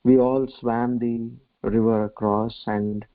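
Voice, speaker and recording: A man's voice: mid-range voice, flat delivery, slow, dry recording, lightly acted. A man voicing a group of distraught young boys, pleading and distressed. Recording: tinny phone-like line, dry.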